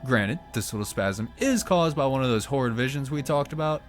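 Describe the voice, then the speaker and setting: A man at a mid-range pitch tells a story with sarcastic, profane humor. He breaks in with quick offhand jokes. Faint music plays under his voice. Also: expressive. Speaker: channel host. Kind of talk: irreverent comedic narration.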